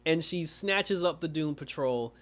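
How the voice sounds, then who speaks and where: A man's voice: a little high, measured pace, a bit bright. A man recapping a TV episode in a loose, rambling way, full of slang and filler words, often laughing as he goes. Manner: slangy street talk. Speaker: TV show reviewer.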